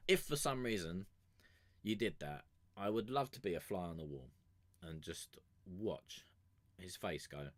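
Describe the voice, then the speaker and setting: A man's voice: deep voice, expressive, a little slow, no room sound. A man chatting casually as a music review streamer, rambling and joking with frequent laughs. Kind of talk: casual chat.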